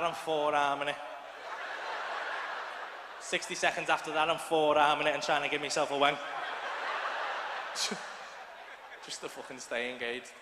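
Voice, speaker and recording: A man's voice: high-pitched, sharp tone. A man with a Liverpool accent performing crude, rowdy live stand-up comedy in a large arena. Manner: crude, rowdy, swearing storyteller. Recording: echoey arena with audience noise.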